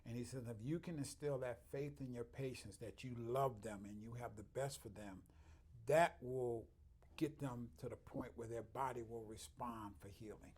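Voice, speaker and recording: A man with a husky, slightly breathy voice speaks at a middle pitch. He tells heartfelt stories in an interview, earnestly quoting the people he has met. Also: fairly even intonation, moderate pace, a little mellow. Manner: earnest, heartfelt, often quoting others, laughing at his own stories. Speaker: chiropractor, guest. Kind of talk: conversational interview storytelling.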